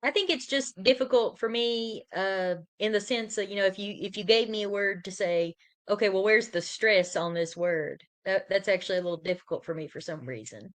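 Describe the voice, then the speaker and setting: Woman student, mid-pitched voice, hesitant and polite, asking questions. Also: brisk. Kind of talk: casual one-on-one tutoring.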